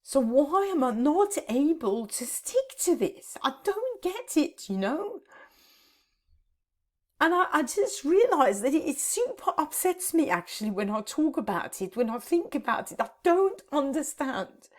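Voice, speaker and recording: A woman in her fifties talks to camera from her home office, halting and close to tears as she vlogs. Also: high voice, very animated. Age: 50s. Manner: halting, repeats words, tearful. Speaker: decluttering vlogger. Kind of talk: emotional vlog to camera.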